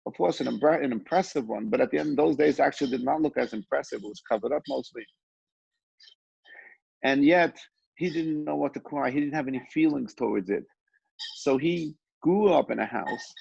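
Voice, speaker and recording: A man teaching a Torah class and telling stories in an unhurried, halting way, with many pauses and restarts. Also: medium pitch, creaky, darkish tone, slightly rough, dry recording. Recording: dull, lo-fi, dry sound.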